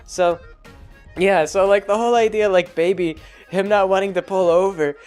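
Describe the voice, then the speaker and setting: A man's voice: sits high, steady tone, moderate pace, a little mellow, clear, resonant tone, faint music behind. A man hosting a vlog in loose, rambling casual chat, full of filler words and chuckles. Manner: chuckles as he talks. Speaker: vlog host.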